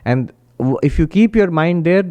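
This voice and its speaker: A man, a monk, giving a spiritual talk and telling stories with animated quoted voices. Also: normal speed. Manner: animated storyteller, raises pitch when quoting, laughs often.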